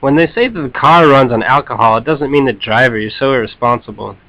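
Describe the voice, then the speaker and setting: A man dubbing a movie clip as a furious man scolding a friend who wrecked his car, shouting indignantly. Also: mid-range voice, animated, brisk, no echo. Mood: shouting angrily. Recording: hissy recording from far off.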